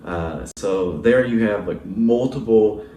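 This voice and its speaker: Recorded from afar in a church sanctuary, this male pastor preaches in a laid-back, chatty way, leaning on fillers and checking in with listeners by asking "right?" He speaks slowly in a fairly low, mellow voice. The sound is roomy, with slight background noise.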